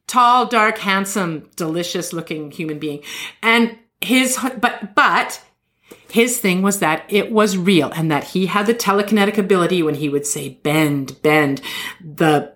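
A woman's voice: fairly low pitch, normal speed. A woman casually telling a story in conversation, animatedly acting out the people she quotes. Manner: animated, acts out quoted people in lively voices.

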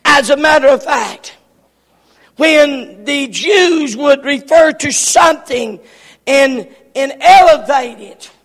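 A man preaching a sermon, often shouting and repeating words for emphasis. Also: very high voice. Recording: long hall reverb.

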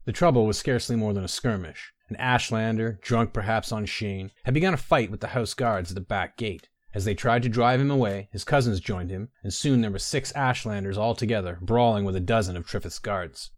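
A man narrating a fantasy story in a measured, even storytelling manner. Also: fairly low pitch, no echo, studio quality.

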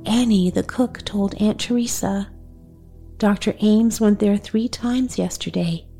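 Woman doing a breathless worried young girl, storybook style, mellow tone. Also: mid-range voice, unhurried, soft background music, lightly acted. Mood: anxious. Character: excitable young neighbor girl.

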